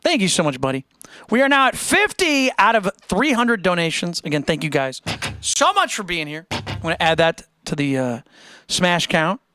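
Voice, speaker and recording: A man's voice: high voice, big pitch swings, normal speed, pushed and bright, dry recording, studio quality. Joking man hosting a music livestream. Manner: joking, chatty, reads viewer donations aloud. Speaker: livestream music show host. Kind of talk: casual livestream chat between songs.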